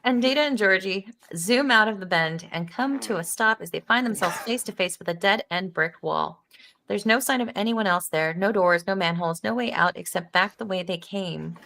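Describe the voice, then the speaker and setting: A woman's voice: medium pitch, normal speed, creaky, bright, forceful tone. A woman hosting a live stream, reading stage directions in a playful, giggly way. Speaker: stream host and narrator. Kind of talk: live table read narration.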